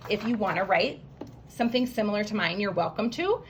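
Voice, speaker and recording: A woman teaching a writing lesson to young children, slowly sounding out each word letter by letter. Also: mid-range voice, lively intonation, a little hiss or hum. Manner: slow, stretched phonics sounding-out. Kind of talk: early-grade writing lesson, sounding out words.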